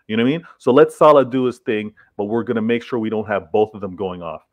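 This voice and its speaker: A man's voice: fairly low pitch, quick pace, no room sound, dull audio. A man with an accent, arguing football points in a casual panel chat with emphatic repeats. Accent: non-English accent.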